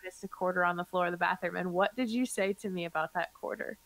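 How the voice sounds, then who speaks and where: A woman's voice: lowish voice, steady tone, fast talker, fairly bright tone, no room sound. A woman hosting a casual podcast chat, reading out questions playfully and laughing often. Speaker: podcast host asking the questions.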